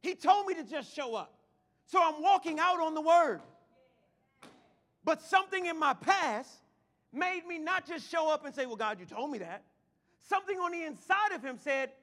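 High bright-voiced guy preaching, goes quiet then yells, big church reverb. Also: expressive, brisk. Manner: swings from quiet to shouting praise. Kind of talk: sermon. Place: church hall. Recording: long hall reverb.

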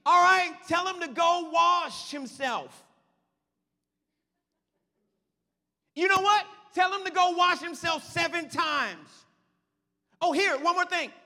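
A man's voice: very high-pitched, a little slow, pushed and bright, long reverb tail, pitched above the performer's own voice, full character voice. A man voicing a laid-back prophet who calls out casual orders in slang. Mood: offhand. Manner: casual, offhand commands, slangy.

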